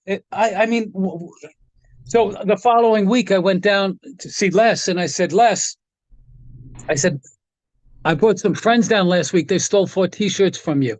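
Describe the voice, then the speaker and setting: A man tells his stories with relish, jumping into the voices of the people in them. His voice sits high for a man, and the recording is dry and close. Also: normal speed, no room sound. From New York area. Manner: animated anecdote teller, acts out quotes. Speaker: guest, guitar tech. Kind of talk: casual storytelling interview.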